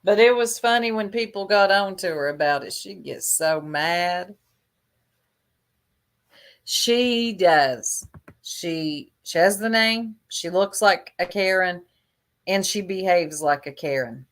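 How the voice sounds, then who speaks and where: Slow, low-voiced gossiping woman. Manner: chatty, catty gossip, drawling. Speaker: livestream gossip commentator. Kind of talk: casual livestream chat.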